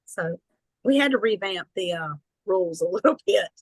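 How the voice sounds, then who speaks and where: A woman's voice: mid-range voice, lively intonation, normal speed, dry recording, poor audio. A woman with a Southern accent leading an online business training, folksy and encouraging, chatty and upbeat.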